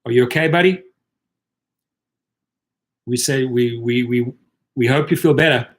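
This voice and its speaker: This man's voice sits at a medium pitch and moves at an unhurried pace. As host of a rideshare drivers' livestream, he goes through viewer comments in casual chat. His talk is loose and repetitive, and he replies to each viewer in turn with a tired air.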